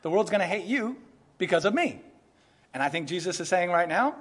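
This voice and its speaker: A man preaching an expository sermon in a lively way, often laughing and acting out quoted voices. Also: high voice, a little fast, slightly rough. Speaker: pastor.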